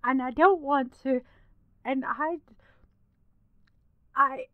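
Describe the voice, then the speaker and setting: A woman's voice: high-pitched, drawn-out words, dry recording, phone-quality sound. A woman voicing a flustered, blunt young woman in a tabletop game, stammering through her words.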